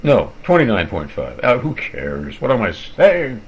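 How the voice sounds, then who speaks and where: An older man rambling through a wry, theatrical rant about his internet service while clicking around his computer at home, sounding worn out and low on energy. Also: huge pitch swings, unhurried, slight background noise, poor audio. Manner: digressive, wry, with theatrical asides. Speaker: vlogger ranting about his internet provider. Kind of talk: rambling screen-recorded rant.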